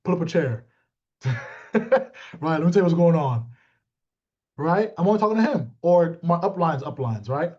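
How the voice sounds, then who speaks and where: A man's voice: a little high, lively intonation, moderate pace, pauses often, dull audio. A man coaching his sales team in a live motivational talk, blunt and joking, calling on listeners by name and acting out little exchanges.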